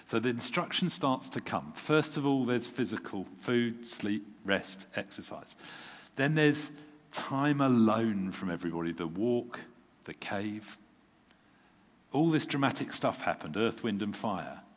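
A man preaching a sermon in a relaxed, conversational way, self-deprecating and chuckling now and then, sounding tired. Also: on the low side, measured pace. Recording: long reverb from a large hall.

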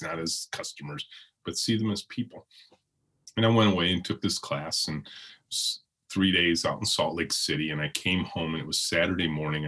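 A hoarse middle-aged man with a deep, husky voice answers interview questions. He rambles reflectively, restarting sentences and leaning on fillers as he thinks aloud. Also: bright, forceful tone. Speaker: interview guest.

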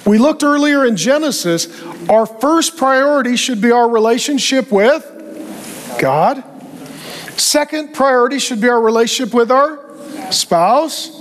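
A man preaching a sermon with animated delivery and joking asides. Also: very high-pitched, measured pace. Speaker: pastor.

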